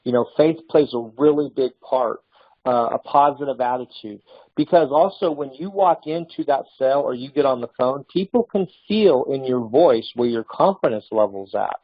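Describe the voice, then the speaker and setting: A man giving a casual motivational sales lesson, telling stories with animated restarts. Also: mid-range voice, moderate pace, breathy edge, no room sound, muffled recording. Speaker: sales trainer.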